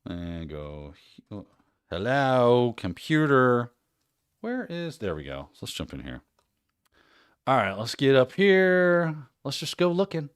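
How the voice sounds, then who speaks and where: Lively, animated male livestream host. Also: mid-range voice, slow, pauses often, clean tone, dry recording, studio quality. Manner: animated, laughing storyteller who acts out quotes. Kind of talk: casual storytelling on a livestream.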